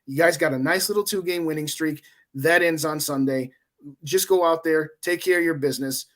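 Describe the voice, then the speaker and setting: A man's voice: on the high side, normal speed, a bit bright. Opinionated man in his forties. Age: 40s. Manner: opinionated, rambling rants. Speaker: podcast co-host. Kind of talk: casual sports talk.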